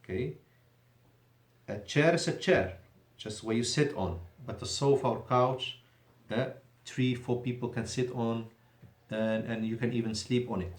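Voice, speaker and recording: Man teaching in an echoey room. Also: medium pitch. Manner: deliberate, drawn-out emphasis on key words; switches between Arabic and English, self-correcting. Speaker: Arabic teacher. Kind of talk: classroom lesson. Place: mosque classroom.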